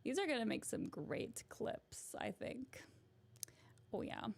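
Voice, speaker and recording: A vlogger chats to her viewers at an unhurried pace, giggling and teasing herself. Her voice sits a little high and carries a gravelly fry, and the chat stays loose and casual throughout. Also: very animated, whispered. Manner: giggly and self-mocking.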